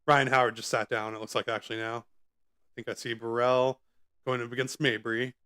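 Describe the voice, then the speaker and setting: A man hosting a live stream from home, giving casual play-by-play commentary in a relaxed, chatty way with frequent asides and fillers, speaking close to his microphone. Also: medium pitch, normal speed, clean tone. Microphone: close microphone in front of his face.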